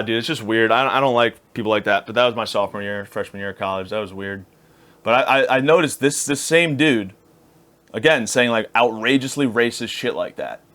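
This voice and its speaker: A man's voice: medium pitch, fairly bright tone. A man in his thirties hosting a podcast, rambling through a crude, self-deprecating comedic monologue. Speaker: podcast host.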